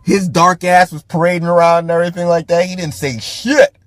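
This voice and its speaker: A man's voice: sits high, little pitch movement, brisk, dry recording. A man hosting a podcast, ranting about a movie in profane, casual commentary, laughing often and restarting his sentences. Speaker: podcast host.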